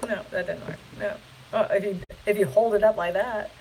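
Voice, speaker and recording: A woman real estate agent rambles and giggles in a casual live stream from a hotel room, captured on a phone camera. Her mid-range voice is a little mellow and fairly even in intonation, a little fast, and the low-quality recording carries a slight hiss or hum.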